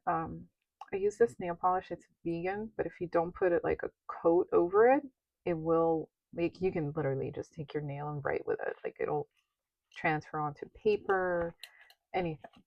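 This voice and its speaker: While dividing money into her budget envelopes, a young woman talks loosely and meanders, full of "um"s and similar fillers. Her fairly low voice has vocal fry, and the lo-fi recording has no echo.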